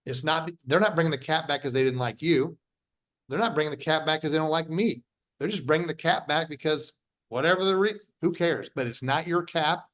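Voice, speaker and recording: A man's voice: a little high, fairly quick, a bit bright. A middle-aged man, a company founder being interviewed, talking bluntly and emphatically, repeating his points and restarting sentences. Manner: acts out quoted dialogue in his stories. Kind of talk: casual interview talk.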